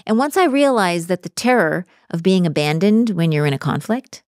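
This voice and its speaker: A woman speaking as a relationship coach in a casual podcast conversation, animated and acting out the voices she quotes. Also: lowish voice, moderate pace, dry recording, studio quality.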